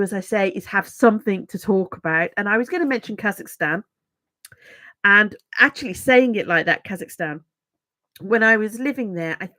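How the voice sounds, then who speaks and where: A woman's voice: mid-range voice, fairly bright tone, no room sound. Brummie lady chatting to her viewers, middle-aged, rambly and self-mocking, dead dry sound. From England. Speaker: YouTube host. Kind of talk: casual livestream chat.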